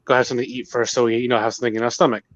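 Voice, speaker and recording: A man telling friends a story at an easy pace, quoting people and pausing on small fillers. His voice sits mid-range. The sound is dry and slightly muffled. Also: medium pitch, level tone, no room sound. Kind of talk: casual chat.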